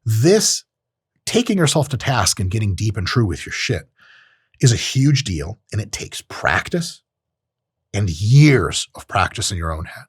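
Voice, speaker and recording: Man, podcast host, husky voice, swooping lively pitch, blunt and profane. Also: measured pace, no echo, clean studio sound. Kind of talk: casual monologue on self-improvement.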